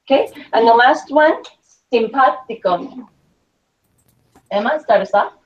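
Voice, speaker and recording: A woman teaching a Spanish class, slowly dictating words and spelling them out letter by letter, with patient repetition. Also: high voice, animated. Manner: slow, patient, repeats each word and letter. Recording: distant, dull lo-fi classroom recording.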